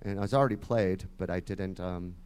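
A musician in his fifties from the Detroit area, with a Michigan accent, chats at length as an interview guest. His low, clear, resonant voice is slightly nasal and a little fast, and he rambles casually, trailing off quietly at times.

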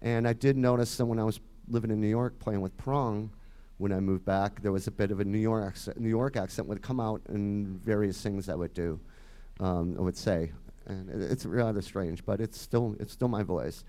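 A lowish, fairly even voice at normal speed belongs to a Detroit-area musician in his fifties with a Michigan accent and a slight nasal quality. Guesting on an interview, he chats casually and at length, rambling and letting sentences trail off quietly.

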